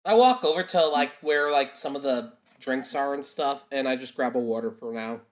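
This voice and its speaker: A man playing a tabletop game, calmly describing his character's actions with some hesitant fillers. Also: mid-range voice, normal speed. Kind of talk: in-character roleplay.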